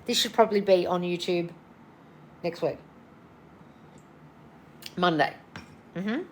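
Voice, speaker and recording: A woman's voice: on the low side, slow, a little hiss or hum. Tired, blunt woman coach calling everyone darling. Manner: casual, blunt, calls listeners darling. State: tired and yawning. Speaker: manifestation coach. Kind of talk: livestream Q&A.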